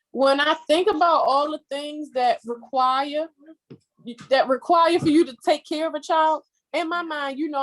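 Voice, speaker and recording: A woman in her thirties talks as a guest in a relaxed interview, her voice sitting high. She tells her story with feeling and acts out what others said to her. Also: poor audio. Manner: emotional, expressive storytelling with quoted asides. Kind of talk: casual conversational interview.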